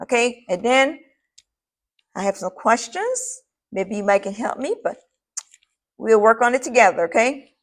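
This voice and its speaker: Woman teacher, high voice, upbeat, keeps checking in with the class. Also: very animated, unhurried, pauses often. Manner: upbeat, checks in with students often. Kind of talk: addressing a class before a read-aloud.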